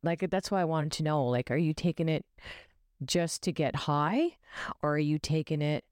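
A man's voice: fairly high pitch, normal speed, darkish tone, smooth, no room sound, clean studio sound. A man in a candid casual chat, talking animatedly and quoting himself in mock voices.

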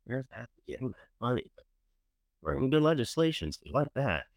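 A man hosting a show, casually commenting as he reads through candidates, chatty and sarcastic, with loud bursts of enthusiasm and mumbled asides. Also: mid-range voice, very animated, fairly quick, dry recording. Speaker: show host reviewing candidates.

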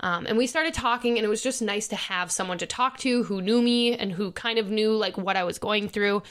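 A woman's voice: mid-range voice, fairly quick, a bit bright, clean tone. A woman in her thirties hosting a podcast, telling a personal story in a casual chat, laughing often and restarting sentences. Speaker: podcast host.

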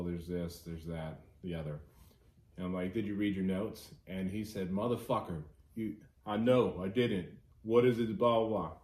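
A man hosting a casual podcast chat, telling a work story with lots of swearing. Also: low-pitched. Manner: animated storyteller, swears freely. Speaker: podcast host. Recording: echoey room, faint noise.

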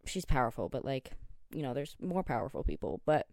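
Hosting his own podcast alone, this twentysomething Canadian guy sounds worn out but keeps talking in a fairly quick, darkish, medium-pitched voice with vocal fry and wide swings in pitch. His casual chat wanders and stops short, padded with plenty of "like" and "um," and he gets eager discussing superheroes he loves. The audio is dry and close-miked, with no surrounding room.

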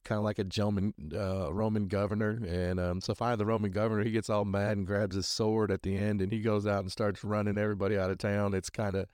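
A man's voice: on the low side, little pitch movement, quick pace, hardly any pauses, darkish tone, clean tone, no echo, clean studio sound. A man hosting a podcast, reviewing a show in casual, rambling talk full of fillers and restarts, speaking earnestly about his faith. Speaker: podcast host.

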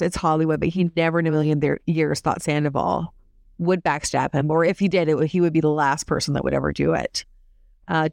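A woman hosting a casual recap podcast, chatty and opinionated, full of quick asides. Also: fairly low pitch, dry recording, clean studio sound. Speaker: podcast host.

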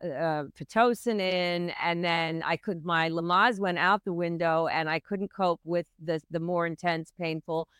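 A woman's voice: lowish voice, steady tone, unhurried, hardly any pauses, fairly bright tone, clean tone, no echo, studio quality. A middle-aged woman, a midwife, earnestly telling her own hard birth story as an interview guest. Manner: earnest, intense retelling of a hard memory. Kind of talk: personal storytelling in a podcast interview.

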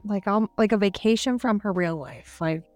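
Smooth-voiced woman retelling a story. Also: medium pitch, moderate pace, a little mellow, no room sound, faint music behind. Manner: chatty, fillers, laughs while retelling. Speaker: podcast co-host. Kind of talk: casual book review chat.

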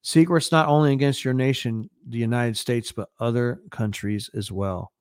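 This is an arrogant young head of state, harsh and demanding, snapping out threats in a smooth, resonant voice, as a man reads his lines aloud. The sound is close and dry. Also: medium pitch, steady tone, normal speed, a little mellow, dry recording, natural voice. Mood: angry threatening. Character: young male national leader, arrogant and threatening.

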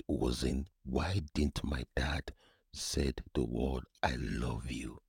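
A man hosting a podcast, telling a personal story in a slow, soft, often whispery way. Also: extremely low pitch, gravelly, slightly rough, dry recording, faint music behind. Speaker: podcast host and recovery coach. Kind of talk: reflective podcast monologue.

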